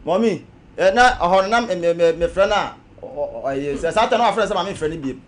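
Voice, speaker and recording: Fast, high-voiced man telling his story. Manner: halting, many repeated syllables and restarts. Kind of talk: phone-in radio talk, recounting a family dispute.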